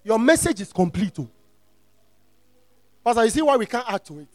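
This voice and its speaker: A male preacher teaches slowly, repeating key phrases and asking if his listeners are following. His very high voice swings widely, climbing into shouted, sing-song peaks. The sound is dry and close. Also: big pitch swings, dry recording. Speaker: pastor. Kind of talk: sermon teaching.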